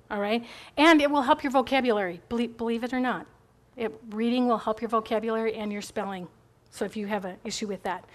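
A middle-aged woman giving a chatty, rambling faith talk to a group, encouraging and full of asides. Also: a little high.

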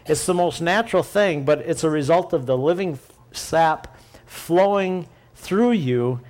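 A man's voice: fairly high pitch, a little slow, a little mellow. A man giving a sermon-style Bible teaching, explaining patiently and thinking aloud with restarts.

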